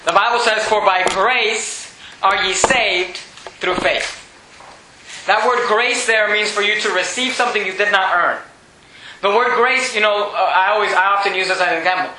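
High, bright-voiced preacher man. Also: roomy sound, a little hiss or hum, low-quality recording. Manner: preaching with a wide swing from raised to low, drawn-out scripture reading. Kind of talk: sermon.

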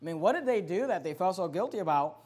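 Man, very high voice, preacher, fervent sermon, emphatic, swings quiet to loud. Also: lively intonation, fast talker. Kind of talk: sermon with scripture reading.

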